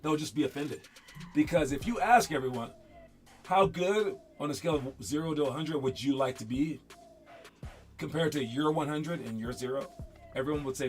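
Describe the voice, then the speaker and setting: A man's voice: on the high side, moderate pace, faint music behind. A man, a basketball coach, giving a casual motivational talk, rambling and repeating words as he acts out what others say.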